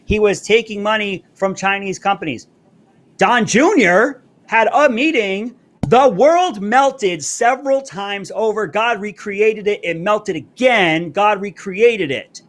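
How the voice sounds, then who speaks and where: A man hosting a live political commentary stream, brash and fast-talking, pushing his merch between topics. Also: high-pitched, a bit bright. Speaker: show host. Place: Florida.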